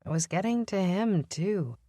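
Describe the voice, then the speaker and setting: A woman narrating an audiobook in an even, measured reading. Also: lowish voice, dry recording, studio quality. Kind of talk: scripted narration.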